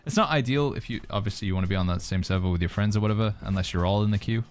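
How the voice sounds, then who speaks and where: A man's voice: on the low side, very fast, faint music behind. A man from the United Kingdom with a British accent that leans American, chatting casually on a game livestream, reading out and answering chat. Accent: British, mixed with American. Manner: relaxed, reads chat messages aloud and answers them. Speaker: streamer.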